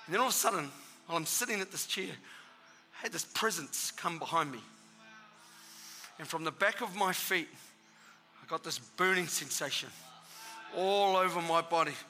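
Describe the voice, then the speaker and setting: A man in his thirties preaching and telling his testimony, excitable and bursting into shouts for emphasis. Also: a little high, normal speed, pauses often, soft background music. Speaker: guest preacher giving testimony. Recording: reverberant hall with live audience.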